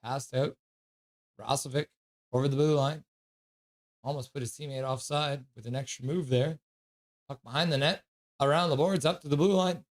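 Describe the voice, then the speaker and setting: Guy streaming hockey play by play, casual quick calls, normal middle voice. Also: medium pitch. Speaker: streamer doing live play-by-play. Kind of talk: live hockey play-by-play commentary.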